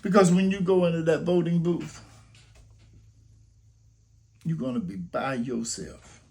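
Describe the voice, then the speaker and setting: Older man, gravelly voice, rising and falling sharply, preacherly appeal, rhetorical questions. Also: a little high, very animated, a little slow, warm tone. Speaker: grandfather urging people to vote. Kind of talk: impassioned spoken appeal.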